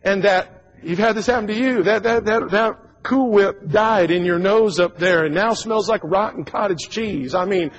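A man's voice: high-pitched, moderate pace, muffled recording. A man in his forties preaching a sermon in a church, folksy and joking, with frequent stammered repeats. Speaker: pastor. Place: church sanctuary.

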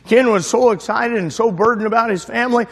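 A male pastor telling a story in a sermon, animated, with big swings from soft to loud, recorded in a church. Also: very high-pitched, fairly quick. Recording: echoey church hall reverb.

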